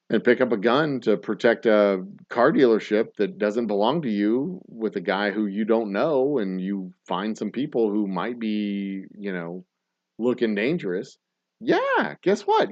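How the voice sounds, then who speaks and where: A man's voice: fairly low pitch, a little mellow, dull audio. A man co-hosting a casual podcast chat over drinks, ranting with lots of profanity and laughter. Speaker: podcast co-host.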